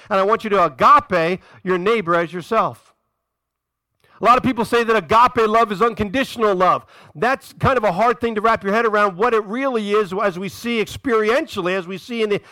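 A male pastor delivers an animated sermon in a notably high, bright voice. He tells the story with energy and slips into the voices of the people he quotes. The sound is close and dry, with little room echo.

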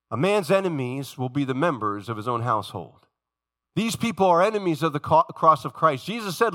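A man preaching a sermon in church, animated and emphatic, acting out the voices of the story he retells. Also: on the high side, a little fast. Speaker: pastor. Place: church sanctuary.

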